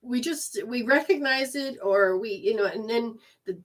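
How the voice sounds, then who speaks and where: A woman's voice: a little high, unhurried, few pauses. A woman giving live intuitive readings to viewers in a casual, rambling way, with many restarts and sudden quoted voices.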